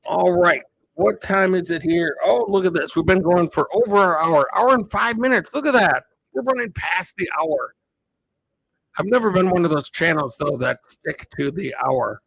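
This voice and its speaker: A man casually chatting to viewers on a live stream, rambling in a relaxed way. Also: sits high, moderate pace, vocal fry, low-quality recording.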